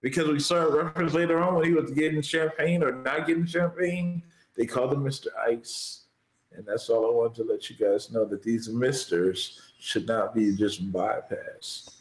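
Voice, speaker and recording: A man co-hosting a casual TV review chat, joking and playful with quick asides. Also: medium pitch, roomy sound, low-quality recording. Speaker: podcast co-host.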